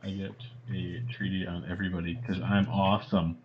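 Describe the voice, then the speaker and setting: A man's voice: low voice, level tone, fairly quick, muffled recording, heavy background noise. A man playing a tabletop game in casual chat, laughing often and asking the group questions.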